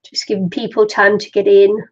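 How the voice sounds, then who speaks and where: A woman's voice: medium pitch, flat delivery, moderate pace. A middle-aged woman chatting casually on a craft live stream, laughing often and talking to herself. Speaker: craft livestream host. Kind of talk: chatty live stream while waiting for viewers. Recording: dull lo-fi live stream audio.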